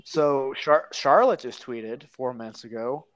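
A man's voice: medium pitch, a little slow, few pauses, a bit bright. A man co-hosting a podcast in casual chat, rambling with many fillers and restarts and swearing casually. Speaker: podcast co-host.

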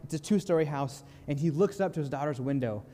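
A young man preaching a sermon, telling a story in a calm, earnest way and slowing down softly on key lines. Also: a little high, in a large hall. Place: church sanctuary.

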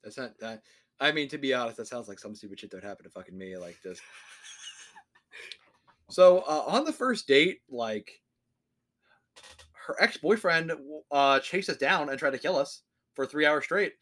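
A man's voice: medium pitch, expressive, normal speed, long pauses, a bit bright. A man hosting a podcast, ranting casually with constant swearing and acting out the voices of the people he quotes. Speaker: podcast host. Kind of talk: casual profane rant.

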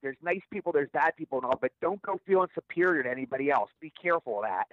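A man's voice: on the high side, lively intonation, no echo. Middle-aged guy rattling off stories, stumbles and repeats words, tinny phone sound. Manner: rapid, stammering repeats of words. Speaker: actor guest. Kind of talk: storytelling interview answers. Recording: tinny phone line, dry.

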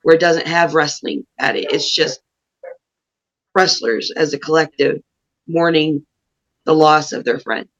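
A woman's voice: sits low, fairly even intonation, measured pace, long pauses, muffled recording. A woman pro wrestler, a podcast guest, speaking in an earnest, reflective way in casual interview talk.

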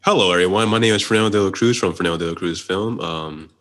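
Podcast guest: a very low-voiced man from the Pittsburgh area, quick casual delivery that blurs words together. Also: background noise. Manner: talks fast, runs words together. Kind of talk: casual chat.

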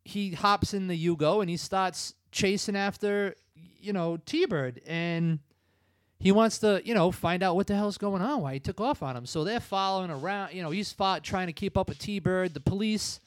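Chatty man, high voice, dry sound. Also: no room sound. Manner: animated retelling with quick impressions. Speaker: podcast host. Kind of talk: casual chat.

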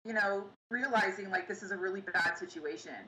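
Young woman, bright voice, halting, echoey room with faint hum. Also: medium pitch. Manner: halting, pausing often, recounting painful memories. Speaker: interview guest. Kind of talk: personal storytelling.

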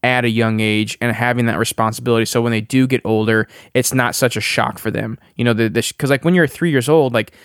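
A man's voice: mid-range voice, fairly even intonation, brisk, hardly any pauses, smooth, no echo, studio quality. A man in his thirties co-hosting a casual podcast, easygoing and agreeable, laughing often. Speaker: podcast co-host.

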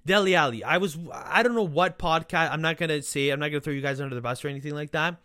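Excitable man, slightly high voice. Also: fast, no echo, studio quality. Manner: excitable, swings from loud outbursts to low asides. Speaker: podcast host. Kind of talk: casual football podcast chat.

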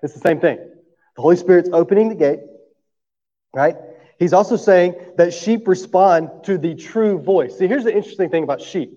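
Preacher with a mellow voice in a hall. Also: male voice, sits high, moderate pace. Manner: conversational preaching with frequent "right?" check-ins. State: coughing through the talk. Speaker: pastor. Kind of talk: sermon. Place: church sanctuary. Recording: dull sound with long hall reverb.

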